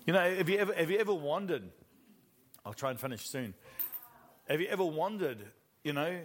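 Animated middle-aged male preacher. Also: fairly high pitch, brisk. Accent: New Zealand. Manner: animated storytelling, laughs at own jokes. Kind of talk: sermon.

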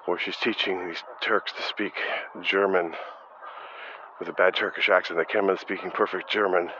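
A man with a very low voice hosts a casual solo podcast, wandering from topic to topic with self-mocking jokes. He records outdoors beneath flocks of honking geese. The sound is dull and lo-fi, with clear background noise. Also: fairly even intonation, normal speed, pushed and bright. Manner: rambling, self-mocking and joking. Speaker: podcast host. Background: honking geese and outdoor ambience.

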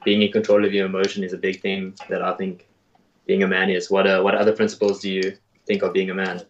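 A man with a very low, flat, unmoving voice speaks reflectively and asks follow-up questions. He sounds set back from the microphone, and the recording is dull and lo-fi. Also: fast. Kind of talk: casual conversation. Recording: distant, dull lo-fi mic.

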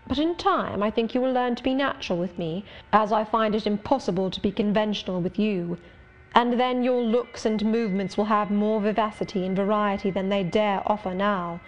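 A brooding, sardonic gentleman of middle age, voiced by a woman reading an audiobook. He speaks in a measured, wry and confiding manner. The pitch sits in an ordinary middle range. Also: highs cut off, slight background noise, natural voice. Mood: musing.

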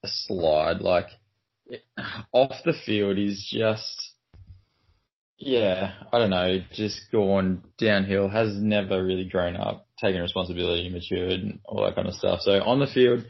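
A man's voice: sits low, a little slow, vocal fry. A man co-hosting a podcast, chatting casually with dry humor. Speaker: podcast co-host. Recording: dull lo-fi audio.

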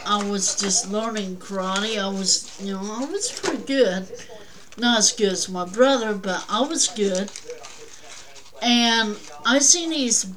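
A woman's voice: a little high, sharp tone, low-quality recording. A woman guest on a talk show telling a personal story in a rambling, plainspoken way.

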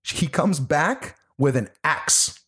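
A man recounts a film in casual chat, his voice sitting a little high. He tells it with lots of laughter and cursing. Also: slow pace, breathy edge. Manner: animated, profane, laughing storyteller. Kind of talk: casual movie review chat.

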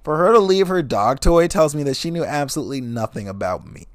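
A young man telling dating stories in a profane, animated rant, swearing constantly and laughing as he goes. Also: on the high side, a little fast, dry recording. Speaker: vlogger. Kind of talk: profane comedic storytelling rant.

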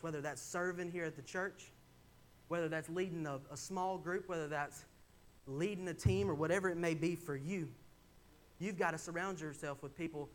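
A man's voice: on the high side, fairly bright tone, slight background noise. A young man preaching in a church, telling a personal story in a candid, conversational way and building to emphatic points. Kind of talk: sermon. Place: church sanctuary.

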